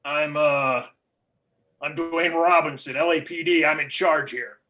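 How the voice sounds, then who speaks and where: An actor reading a clumsy, bumbling police chief in a comedic staged reading, hesitating and filling with ums. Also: male voice, fairly high pitch, steady tone, measured pace, bright, forceful tone. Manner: bumbling, hesitant, filler-heavy.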